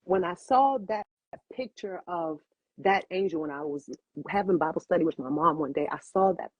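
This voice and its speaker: Interview guest, woman in her fifties, husky and dry, heartfelt storyteller who repeats lines for emphasis, slightly dull sound. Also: on the low side, moderate pace, no echo. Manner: expressive, repeats phrases for emphasis. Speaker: cigar bar owner and guest. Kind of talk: emotional personal storytelling.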